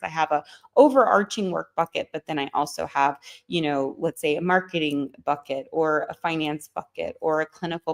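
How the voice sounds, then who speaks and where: A woman leading a live-streamed morning wellness session as a holistic doctor, chatty and encouraging, often tagging on "you know" and "right?" and repeating self-affirmations. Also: sits low.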